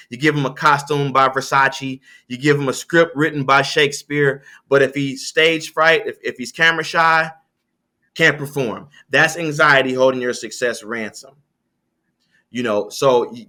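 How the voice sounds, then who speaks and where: A man speaks as a guest on an interview show, coaching listeners on sales calls. His voice is bright and sits at a middle pitch. He talks in an animated way, often restarting his sentences. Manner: animated, lively pitch swings, frequent restarts.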